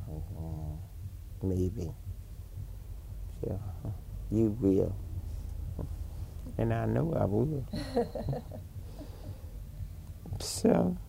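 Slow gravelly older woman storyteller. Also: rumbling low. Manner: animated, acts out family dialogue. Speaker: interviewee. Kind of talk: oral history storytelling. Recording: folklore archive tape.

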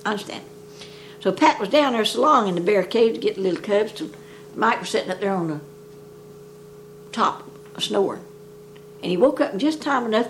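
A woman's voice: a little high, a little hiss or hum. An older woman telling folk jokes in a rambling, folksy dialect. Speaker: storyteller.

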